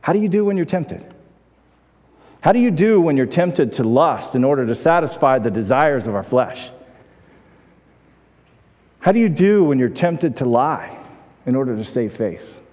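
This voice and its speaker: A man's voice: medium pitch, expressive, normal speed, long pauses, darkish tone, in a large hall. A male pastor preaching a conversational sermon, telling stories and often restarting his words.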